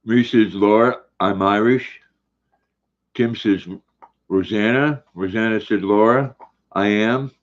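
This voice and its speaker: A low-voiced older man hosts a casual livestream, reading viewers' comments from the live chat aloud. He takes it slowly, pausing often and repeating words in a folksy way as he goes. The stream audio sounds dull and lo-fi.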